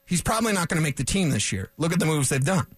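Sports radio host, male, opinionated rant, high pitch, dry close studio sound. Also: racing, husky, dry recording. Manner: animated, opinionated ranting. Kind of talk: sports talk radio monologue.

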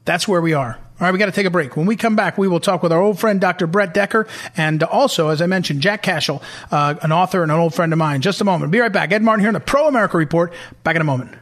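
A man's voice: high voice, fast, fairly bright tone. A middle-aged man hosting a political talk radio show, emphatic and repetitive as he hammers his points home.

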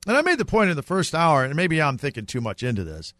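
A man's voice: on the high side, huge pitch swings, fast, very noisy. Opinionated man hosting sports radio. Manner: opinionated, steers the talk. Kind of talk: casual chat.

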